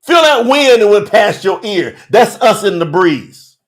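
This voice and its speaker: Brief: male Bible-study host, high and swooping voice, slow deliberate emphatic preaching, slangy. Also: very animated. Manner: emphatic, preachy, rhetorical questions; casual slangy street talk. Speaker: Bible teacher and podcast host. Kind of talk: livestreamed Bible study sermon.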